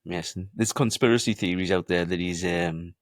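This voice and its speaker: Deep-voiced, sweary man talking movies. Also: moderate pace, dry recording, clean studio sound. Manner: sweary, enthusiastic storytelling. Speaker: podcast co-host. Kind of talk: casual movie chat.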